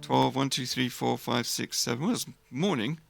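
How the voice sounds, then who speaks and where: A man's voice: medium pitch, moderate pace, gravelly, soft background music. A man streamer chatting casually and rambling to his viewers, chuckling as he goes. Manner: rambling, chuckling, talks to chat. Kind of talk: casual live stream chat.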